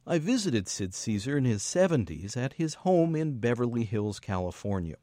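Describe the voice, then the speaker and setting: A man delivering scripted documentary narration in a measured, storytelling way. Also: mid-range voice, sing-song, warm tone, no echo, studio quality.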